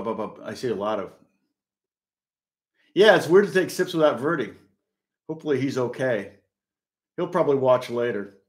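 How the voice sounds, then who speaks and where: Chatty man teaching guitar on a live stream. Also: fairly high pitch. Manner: rambling and self-correcting, chatty. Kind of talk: live-streamed guitar lesson with chat questions. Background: guitar playing.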